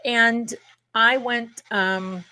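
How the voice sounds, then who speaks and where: A woman's voice: a little high, fairly even intonation, extremely slow, pushed and bright. A middle-aged woman hosting a live tarot stream, chatting casually and rambling to her viewers, calling them her darlings.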